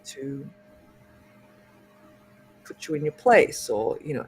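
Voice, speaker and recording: A woman's voice: extremely low pitch, sing-song, takes it slowly, slight background noise. A woman hosting a podcast, supportive and asking probing follow-up questions. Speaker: podcast host. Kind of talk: casual interview conversation.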